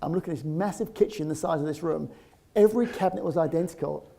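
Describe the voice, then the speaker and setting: A man in his fifties with a London accent tells a personal story in an animated, lively way. His voice sits a touch high and has a gravelly, creaky edge. He laughs easily as he talks. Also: fast. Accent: London English. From England (London). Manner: lively, often laughs while talking. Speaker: interviewee telling a personal story.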